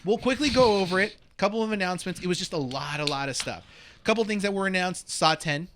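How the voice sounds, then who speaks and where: A man co-hosting a casual podcast chat, who talks fast and over the others and repeats himself. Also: high voice, background noise. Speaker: podcast co-host.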